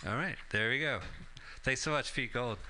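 A man hosting a casual radio chat, easygoing and halting with fillers. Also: mid-range voice, bright, forceful tone. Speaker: radio show host. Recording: faint hiss, community radio studio.

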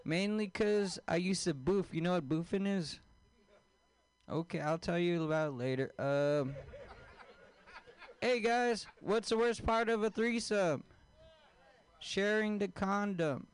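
A man doing a stand-up comedy set, deadpan and crude, often quizzing the crowd. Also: high voice, takes it slowly, pauses often, clean tone. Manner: deadpan, crowd-work questions, crude jokes.

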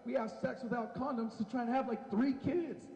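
A man with a high, mellow voice doing stand-up on a club stage. He talks brashly and profanely and needles the audience. The sound rings with the long echo of a roomy hall. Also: fairly even intonation, moderate pace. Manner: brash, profane, teasing the crowd. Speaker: stand-up comedian. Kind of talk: stand-up comedy set. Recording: echoey hall.

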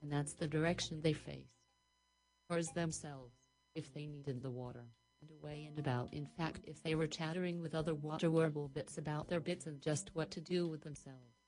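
A woman's voice: sits low, fairly even intonation, normal speed, a little mellow, poor audio. A woman narrating an improvised story in a rambling, dreamy way, stringing long run-on sentences together.

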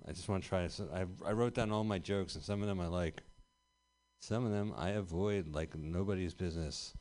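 Male stand-up comic, very low voice, rambling deadpan set with sudden loud punchlines. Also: a little fast. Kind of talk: stand-up set at open mic. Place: small performance space.

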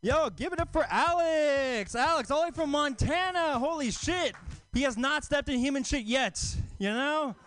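A man's voice: very high-pitched, expressive, normal speed, fairly bright tone, faint music behind. A man from Oakland opening his stand-up set on a comedy club stage with loose, casual banter. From Oakland, California.

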